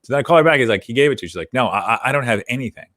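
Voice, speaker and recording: A man co-hosting a business podcast in casual chat, telling stories in an animated way that gets heated. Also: medium pitch, racing, no echo, studio quality. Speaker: podcast co-host.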